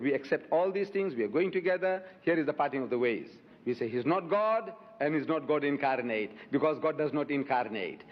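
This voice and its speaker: Forceful rhetorical man in echoing hall. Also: a little high. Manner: forceful, rhetorical, repeats questions for emphasis. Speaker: debate speaker answering audience questions. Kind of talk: impassioned public debate rebuttal. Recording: lo-fi hall recording with long reverb.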